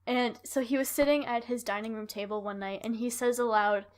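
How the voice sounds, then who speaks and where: Woman podcast host, a bit high, chatty and rambly, lots of likes and ums. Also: fairly even intonation, brisk. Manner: rambling, laughs often, filler-heavy. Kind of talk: casual chat.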